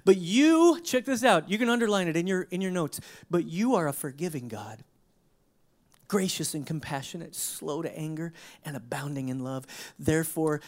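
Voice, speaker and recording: A male pastor preaches conversationally, leaning heavily on rhetorical questions, with forceful bursts that sink into hushed low asides.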